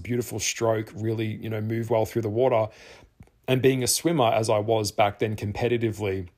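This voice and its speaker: A man's voice: fairly low pitch, a little mellow. An Australian man talking candidly to the camera, earnest and rambling, often repeating phrases for emphasis. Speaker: tarot artist and vlogger.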